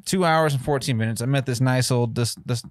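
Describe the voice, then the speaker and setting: A man's voice: mid-range voice, brisk, no room sound. A man co-hosting a casual home-studio podcast, telling a story with lots of swearing and acting out what other people said. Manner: animated storyteller, swears a lot, acts out other people's lines. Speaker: podcast co-host. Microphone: studio mic.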